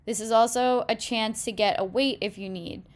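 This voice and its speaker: A young woman with a fairly high, steady voice leads a home workout at a moderate pace, walking through each move step by step while she demonstrates it. She sounds out of breath at times, and there's no room sound.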